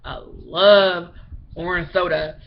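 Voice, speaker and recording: A woman's voice: fairly low pitch, steady tone, slow, a little hiss or hum. A young woman from Baltimore chatting casually to her webcam, rambling with lots of "like"s and laughs. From Baltimore, Maryland. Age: young adult. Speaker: vlogger. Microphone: built-in webcam mic. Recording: dull lo-fi webcam audio.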